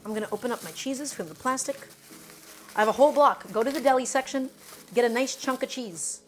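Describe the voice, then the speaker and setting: A woman's voice: fairly high pitch, brisk, slight background noise. A woman chatting casually through a live cooking stream, emphatic and talking to her viewers as friends.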